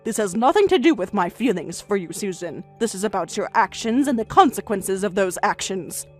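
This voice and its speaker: Woman reading a steady, firm older grandmother. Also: mid-range voice, normal speed, faint music behind, close to an everyday voice. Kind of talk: story narration with dialogue.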